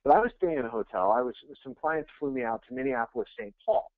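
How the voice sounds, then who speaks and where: A man coaching real estate agents in a webinar, telling jokey, energetic stories. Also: medium pitch, creaky, slight background noise. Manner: energetic, joking, fast anecdotes. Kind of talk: webinar coaching talk with storytelling. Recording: tinny phone-like line, dry.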